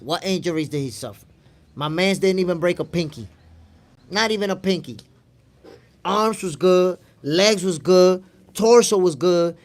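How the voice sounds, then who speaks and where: A man hosting a boxing stream, arguing his point emphatically, repeating lines for stress and answering chat. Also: on the high side. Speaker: boxing show host. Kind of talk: live stream commentary reading chat.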